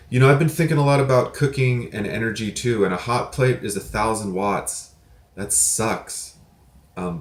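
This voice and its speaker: A prepper channel host speaks in a lowish, reverberant voice while giving a casual video reply. He rambles and corrects himself as he explains, with offhand swearing, and his desk mic picks up some feedback.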